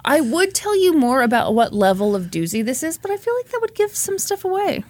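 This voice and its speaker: A woman's voice: high voice, big pitch swings, a little fast, a little mellow. A woman co-hosting a casual true crime podcast, joking and laughing often. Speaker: podcast co-host.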